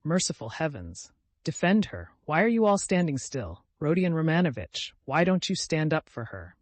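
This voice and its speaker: A man voicing a desperate, consumptive mother who pleads and accuses in shrill, hoarse outbursts. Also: big pitch swings, moderate pace, no room sound. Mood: desperate pleading.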